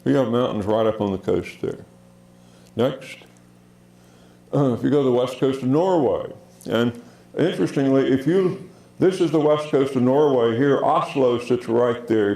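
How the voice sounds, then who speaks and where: Gravelly, unhurried lecturing man. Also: mid-range voice, dark tone, roomy sound, rough recording. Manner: unhurried, with frequent fillers and restarts. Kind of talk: public science lecture. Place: theater auditorium.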